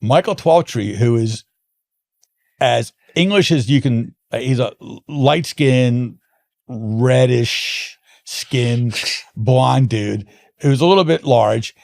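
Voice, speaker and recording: Slow and creaky at a medium pitch, a man being interviewed shares long, animated anecdotes in a casual conversation. The guest, a wine importer, restarts his thoughts often.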